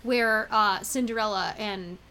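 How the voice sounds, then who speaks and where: A woman's voice: mid-range voice, a little slow, pushed and bright, a little hiss or hum. A woman co-hosting a podcast, chatting casually with playful interjections. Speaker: podcast co-host. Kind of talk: casual chat.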